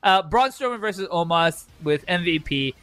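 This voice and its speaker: A man co-hosting a casual wrestling chat, excitable and animated, acting out his own reactions and swearing freely. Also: high voice, moderate pace, no echo. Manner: excitable, acts out reactions with shouted quotes. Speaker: podcast co-host.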